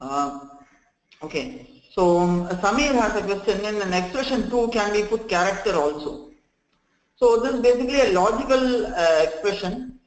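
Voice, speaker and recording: A man running a live software training session, explaining step by step, often saying "okay" and "friends" and restarting sentences. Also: high voice, lively intonation, moderate pace, roomy sound, poor audio.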